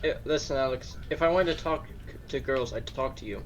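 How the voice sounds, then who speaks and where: A man's voice: medium pitch, fairly quick, crowd noise. A man co-hosting a game stream, bantering casually and teasing with a running gag. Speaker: co-host chatting on a game stream.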